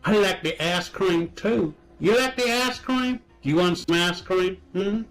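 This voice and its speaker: A man's voice: high-pitched, a little slow, music in the background. A man trolling strangers in online voice chat, mocking and teasing in a sing-song way.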